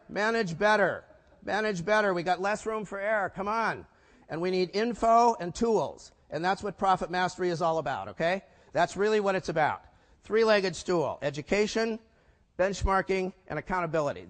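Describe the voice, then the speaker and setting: A man in his sixties giving a business talk at a conference, punchy and full of rhetorical questions for the audience. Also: fairly high pitch. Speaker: keynote speaker. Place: conference hall. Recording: long hall reverb.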